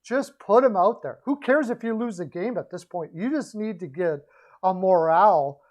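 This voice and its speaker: A man's voice: high-pitched, moderate pace, a little mellow. Rambling opinionated hockey stream host, a man. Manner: rambling, opinionated, self-correcting. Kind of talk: casual sports betting and hockey rant.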